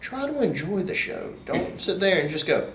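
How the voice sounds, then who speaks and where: A man guest on a wrestling podcast, telling stories in a casual, animated way that turns loud when he gets worked up. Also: sits high, normal speed, a little hiss or hum. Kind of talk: casual storytelling chat. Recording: roomy echo, distant mic, faint ambience.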